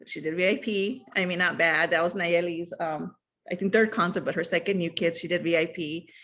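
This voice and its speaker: A woman in her thirties or forties telling a personal story in a chatty, animated way, full of fillers and asides. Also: on the low side, brisk. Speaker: guest sharing fan memories. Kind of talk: casual storytelling chat.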